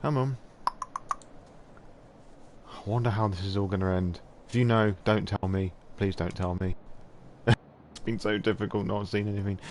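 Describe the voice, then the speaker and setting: A man talks casually to his live-stream chat as host. His voice sits on the low side, and he swears freely and laughs often between remarks. A faint background noise runs under the recording. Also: fairly even intonation, fairly quick.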